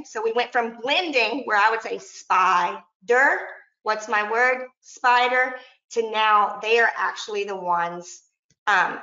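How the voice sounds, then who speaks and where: A woman teacher leads a training session, explaining step by step and sounding out words as she demonstrates. Her voice is a little high, creaky, pushed and bright, and the recording has an echoey, dull lo-fi room sound.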